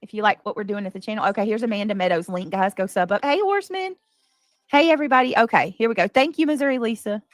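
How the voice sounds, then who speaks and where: A woman's voice: mid-range voice, fast, no echo. A woman hosting a casual livestream, chatting effusively and greeting viewers from the comments.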